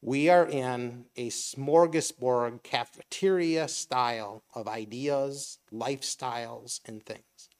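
A man's voice: medium pitch, slow pace, hardly any pauses. A middle-aged man giving a conversational sermon, asking rhetorical questions and briefly acting out imagined voices. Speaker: preacher.

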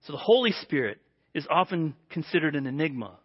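A man preaching a sermon in an earnest way, dropping to a hushed voice for quoted prayers. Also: a little high, expressive, a little fast, breathy edge, muffled recording.

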